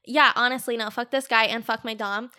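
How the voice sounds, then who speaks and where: Woman podcast guest, bright and a touch high, chatty storyteller with lots of "like". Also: fairly even intonation, fairly quick, clean tone. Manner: chatty storyteller, frequent "like" fillers, laughs easily. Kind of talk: casual podcast chat.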